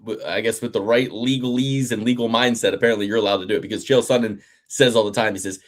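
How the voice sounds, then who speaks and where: A man co-hosting a casual fight-picks podcast, talking in an animated, profane way and slipping into mocking impressions, with a faint Delaware County, Pennsylvania accent. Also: on the low side, fast, hardly any pauses. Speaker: podcast co-host.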